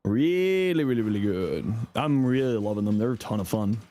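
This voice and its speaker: A man streaming a game, chatting casually and playfully with viewers, a bit sleepy and slightly hoarse. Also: fairly low pitch, lively intonation, moderate pace, mellow. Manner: playful, greeting viewers one by one; sleepy, laid-back. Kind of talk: casual live-stream chat.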